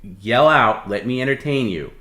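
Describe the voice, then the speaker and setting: A man co-hosting a live stream, giving bossy, deadpan instructions. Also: medium pitch, normal speed, echoey room. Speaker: stream co-host.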